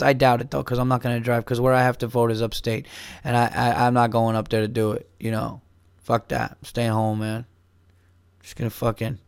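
Buzzed guy ranting on his podcast, lots of cursing, clean crisp voice, no room echo. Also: medium pitch, clean studio sound. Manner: profane, ranting, rambling. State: a little buzzed. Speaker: podcast host. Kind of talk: casual monologue.

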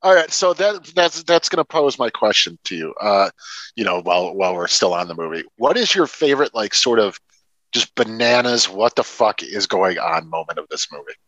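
Lively, bright-voiced male podcast co-host. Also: on the low side, normal speed, no room sound, lo-fi sound. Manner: animated, profane, laughs often. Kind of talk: casual film review chat.

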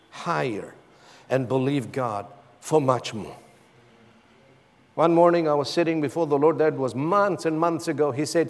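A pastor preaching a sermon with dramatic pauses, building to emphatic calls. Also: male voice, on the high side. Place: church hall. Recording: long reverb of a hall.

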